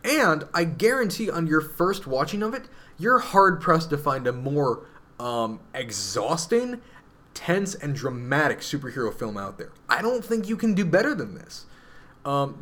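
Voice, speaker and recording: A man's voice: a little high, big pitch swings, unhurried, a bit bright. A man co-hosting a podcast, talking through films in a thoughtful, analytical way with many fillers. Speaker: podcast co-host. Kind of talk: casual chat.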